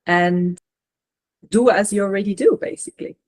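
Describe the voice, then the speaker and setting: A woman channeler giving a reading, gently relaying messages with reassuring, filler-filled speech. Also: medium pitch, moderate pace. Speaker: spiritual channeler and regression therapist.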